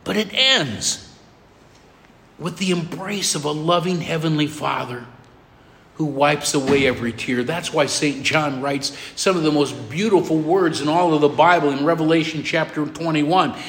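A middle-aged man, a pastor preaching a sermon with emphatic repetition and soft drops for tender moments. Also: fairly high pitch, normal speed. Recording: long hall reverb.

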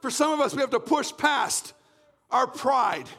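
A man from Canada preaching a fervent sermon, often shouting and repeating phrases in a church. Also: very high-pitched, lively intonation, a little slow, faint music behind. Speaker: pastor.

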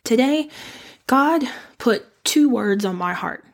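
A young woman hosting a devotional podcast, earnest and reflective, her voice slightly raspy and nasal as she recovers from the flu. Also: a little high, animated, takes it slowly. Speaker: podcast host.

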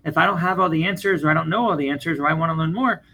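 A man's voice: a little high, rapid-fire, sharp tone, a little hiss or hum, low-quality recording. A younger man, a therapist, talking earnestly in a casual podcast chat, often restarting his phrases. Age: young adult.

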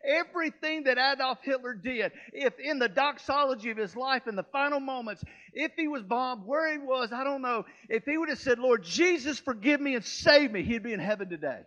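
A man preaching a sermon, telling a story and swinging between hushed and loud, fervent passages. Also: very high-pitched, lively intonation, brisk, highs cut off. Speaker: pastor.

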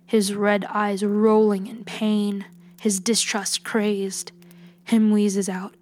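Slow, hushed woman storyteller. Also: medium pitch, level tone. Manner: hushed, often whispered reading. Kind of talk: scripted storybook narration. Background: music.

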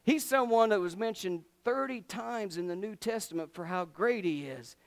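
A man preaching a sermon, telling the story with animated delivery and acting out the voices of biblical figures. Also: high voice, normal speed.

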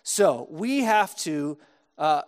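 A man's voice: fairly high pitch, lively intonation, extremely slow. A man from Texas preaching a sermon, casual and humorous, acting out little dialogues with comic voices. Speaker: pastor.

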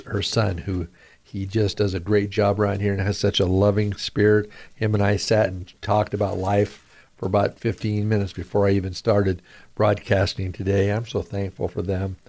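A man's voice: on the low side, a little mellow. A middle-aged man hosting a radio devotional, speaking earnestly, praying and reading scripture with rising emphasis. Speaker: radio pastor and host.

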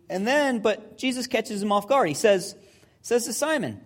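Pastor preaching casually, story-style, with lots of ums and sometimes going quiet and hushed. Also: mid-range voice, big pitch swings, normal speed, slightly rough. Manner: conversational storytelling, hesitant fillers, drops to a hush at serious points. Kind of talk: sermon.

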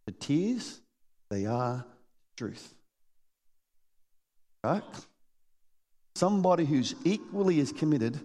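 A man preaching a sermon in a church hall, animated and laughing often as he acts out the people in his stories. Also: mid-range voice. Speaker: pastor. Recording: long hall reverb.

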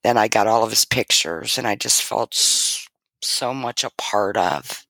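Earnest and heartfelt, a middle-aged woman recounts her own story as an interview guest, giving voice to the people she quotes. She speaks a little slowly in a bass voice with a fairly bright tone. The audio carries no room sound.

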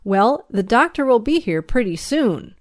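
A woman reads a rough-spoken country sheriff, gruff on the surface but fatherly underneath. He talks in a slow, folksy drawl, every word dry and close. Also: a little high, sing-song, no echo, voice pushed up. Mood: gruff scolding.

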